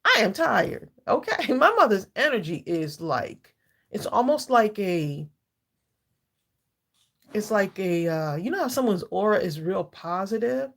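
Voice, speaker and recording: A woman's voice: medium pitch, lively intonation, unhurried. A woman in her sixties hosting a live craft stream, chatting heartfelt with viewers, greeting them by name and laughing often. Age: 60s. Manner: laughs often between thoughts. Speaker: livestream craft channel host.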